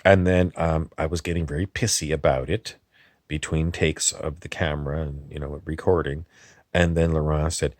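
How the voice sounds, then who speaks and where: A man's voice: very deep voice, fairly even intonation, moderate pace, no echo, studio quality. A man hosting a comedy channel in character, rambling through a meandering comic monologue that halts and drifts off topic.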